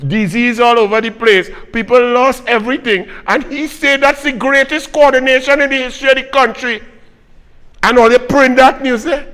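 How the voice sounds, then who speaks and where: Fiery high-voiced Trinidadian man ranting. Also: fairly even intonation, normal speed, fairly bright tone, long reverb tail. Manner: fiery, mocking, repetitive hammering of points. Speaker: political commentary host. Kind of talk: political commentary rant.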